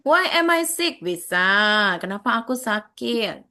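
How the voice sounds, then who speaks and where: A woman's voice: on the high side, sing-song, moderate pace, pushed and bright. Coaxing woman teacher. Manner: coaxing, quizzes students by name, frequent "oke". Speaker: English teacher. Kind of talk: interactive online class, repeating each English phrase in Indonesian.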